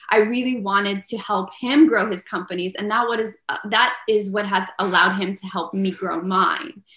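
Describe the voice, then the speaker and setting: A woman's voice: mid-range voice, steady tone, normal speed. A woman entrepreneur being interviewed, talking earnestly and casually with plenty of "like" fillers. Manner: earnest, peppered with "like", grows loud and emphatic. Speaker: entrepreneur and inventor, interview guest. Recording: echoey room.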